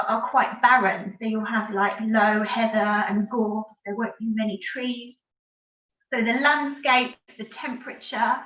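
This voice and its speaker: A woman from Britain, a guest on a video call, explaining things at length in a descriptive way. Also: fairly high pitch. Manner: explanatory and descriptive, with frequent ums. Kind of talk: casual interview answer. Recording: distant, echoey, dull audio.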